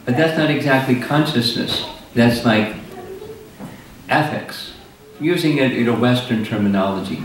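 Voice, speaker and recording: An older man, a spiritual teacher, explaining ideas in a thoughtful, patient way during a lecture with audience questions. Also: fairly low pitch. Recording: roomy hall, distant mic, faint noise.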